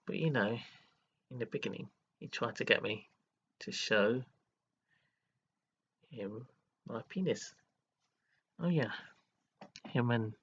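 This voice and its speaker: A lowish, husky man's voice is heard with the highs cut off. He's a live streamer giving an emotional vlog monologue, earnest and dramatic, scolding and praising viewers in turn with abrupt laughs and sighs.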